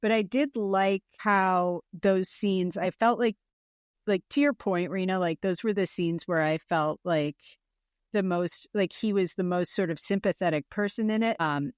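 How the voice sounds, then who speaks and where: A woman's voice: lowish voice, measured pace, clean tone, no room sound, studio quality. A woman hosting a podcast who talks in a casual, rambling way, hesitating and using many fillers. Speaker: podcast host.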